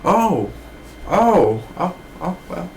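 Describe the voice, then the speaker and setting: Young man putting on a high, drawling old business boss, folksy and good-humored. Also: very animated, extremely slow, vocal fry, a little mellow, slight background noise, heavily acted. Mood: amused.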